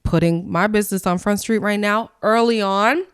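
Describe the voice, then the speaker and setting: A woman hosting a podcast, chatting in a candid, sassy way with frank asides to her listeners. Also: clean tone. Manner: lively, with quick jumps in pitch. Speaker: podcast host. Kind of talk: casual recap chat.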